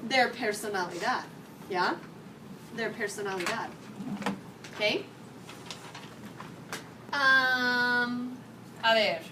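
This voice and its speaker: A woman teaching a high school Spanish class, questioning her students and mixing English with Spanish. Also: slow, long pauses. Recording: distant mic, noisy classroom.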